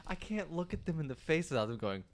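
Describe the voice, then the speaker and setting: A man's voice: a little high, big pitch swings, fast. A young man, son of the host, telling stories on himself in a sheepish, self-mocking way in casual chat. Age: young adult.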